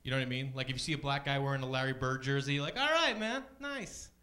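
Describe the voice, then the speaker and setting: A man doing a chatty stand-up comedy set on a club stage, deadpan, often jumping into high voices for other people. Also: racing.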